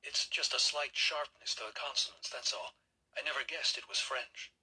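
A man voices a flustered young interviewer in an audiobook. He speaks timidly in a lifted, tense voice with a husky grain. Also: big pitch swings, moderate pace, sharp tone, exaggerated voice, rough recording. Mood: nervous. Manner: timid, hesitant, raised pitch. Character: nervous young male interviewer.

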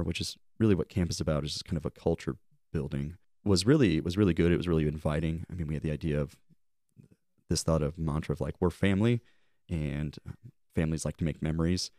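Low-voiced man rambling heartfelt on a podcast. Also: darkish tone, no echo, clean studio sound. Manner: rambling, self-correcting, heartfelt. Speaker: podcast co-host, camp leader. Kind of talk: casual reflective podcast chat.

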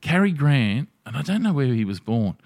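A blunt man trading excitable, sweary podcast banter. His voice sits at a middle pitch and is recorded close and dry, with no room sound. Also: normal speed, vocal fry, dry recording. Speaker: podcast co-host. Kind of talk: casual chat.

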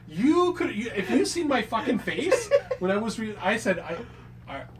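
A man telling a story in casual chat, animated, laughing and swearing as he acts out quotes. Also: sits high, normal speed, slight background noise. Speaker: podcast co-host telling a story.

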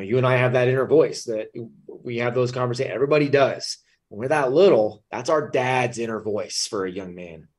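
A man's voice: on the low side, a little mellow, husky, far from the mic. A man speaking as a guest in a casual interview, blunt and swearing freely. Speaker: podcast guest.

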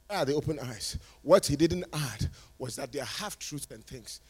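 A male preacher giving a sermon, moving from quiet talk to shouted, sing-song preaching. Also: medium pitch, animated, normal speed, slightly rough. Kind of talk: sermon at a conference.

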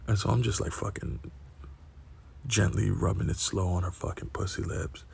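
A man's voice: low voice, fairly even intonation, normal speed, vocal fry, husky. A man telling a casual, profanity-heavy anecdote, often tagging lines with "right?" and laughing between them. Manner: profane, keeps asking "right?".

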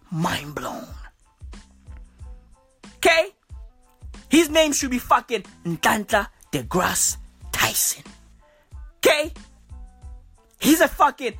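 Her voice fairly high, fairly bright and slightly rough, a South African woman hosts a podcast with a swearing, slang-filled comic rant, tagging "bruv" and "okay" onto nearly every line.

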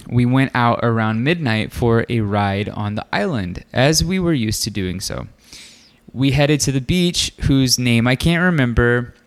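A man co-hosting a casual podcast, reading a story aloud in a laid-back way with lots of fillers and asides. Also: mid-range voice. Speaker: podcast co-host.

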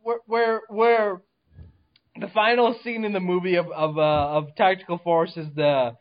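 High-pitched man, excited casual movie chat, laughing, dull lo-fi audio. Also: measured pace. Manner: excited, laughing, swearing, restarts. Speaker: podcast co-host.

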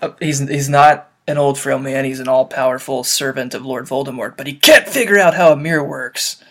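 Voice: mid-range voice, brisk. A podcast co-host reacting to a reading with jokes. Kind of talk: casual chat.

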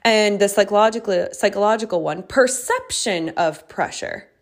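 Woman, young adult, solo podcast host and coach; chatty, reflective delivery, medium pitch. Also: lively intonation, normal speed. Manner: chatty and reflective, many "like" fillers and restarts. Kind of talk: casual solo podcast monologue.

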